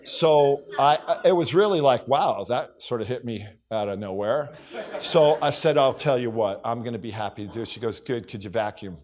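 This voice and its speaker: A man's voice: mid-range voice, expressive, moderate pace, a little mellow. A middle-aged man giving a motivational keynote on a conference stage, telling stories and acting out bits of dialogue. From United States. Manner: storytelling, acts out dialogue, repeats catchphrases. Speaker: keynote speaker.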